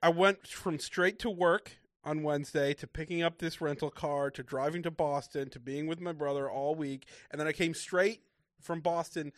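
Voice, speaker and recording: A man's voice: on the high side, steady tone, normal speed, a bit bright, dry recording, clean studio sound. A man co-hosting a casual recap podcast, rambling with lots of restarts and fillers. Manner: rambling, many restarts and likes. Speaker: podcast co-host.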